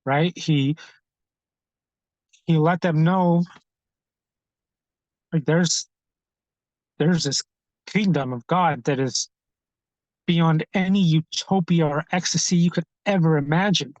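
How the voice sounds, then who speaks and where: Earnest man, halting and repetitive. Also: a little high, darkish tone, no echo, rough recording. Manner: earnest, halting, often repeats words while searching. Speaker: street ministry founder. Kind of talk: conversational interview storytelling.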